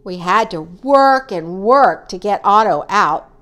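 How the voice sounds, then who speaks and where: A woman reading a children's story aloud, acting out the characters with high, excited cries. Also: slow, hardly any pauses.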